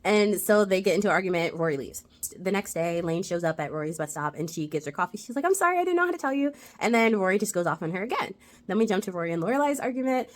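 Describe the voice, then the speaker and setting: Fast-talking woman recapping a TV episode. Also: lowish voice. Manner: chatty, animated retelling, many "like" fillers. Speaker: TV rewatch reviewer.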